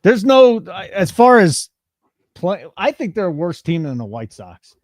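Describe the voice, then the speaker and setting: A man co-hosting a betting stream, his pitch swinging widely as he jokes and teases. He speaks into a close mic with a very dry sound. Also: a little slow, dry recording. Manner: animated, teasing, reads chat comments aloud. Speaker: co-host of a live sports betting show. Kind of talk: casual live-stream banter.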